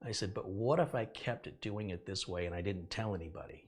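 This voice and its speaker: A man's voice: low-pitched, a little fast, slightly rough. A middle-aged man hosting a tech video, casually telling a story from his working life and acting out the dialogue with laughs. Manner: animated, acts out quoted dialogue with laughs.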